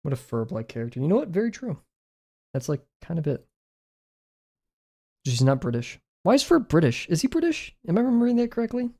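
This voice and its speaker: Young adult streamer, casual drawing-stream chatter, rambly and self-mocking, dark mellow tone. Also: medium pitch, very animated, brisk, long pauses. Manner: rambling, self-deprecating, muttering to self. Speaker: livestreaming artist. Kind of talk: casual chat while drawing on a livestream.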